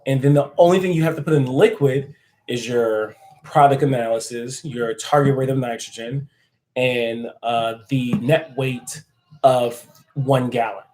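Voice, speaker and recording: On a rough recording, an American man with a mid-range, somewhat mellow voice speaks at a measured pace with fairly even intonation. He's hosting a laid-back live stream, joking around, responding to comments from viewers, and laughing a lot.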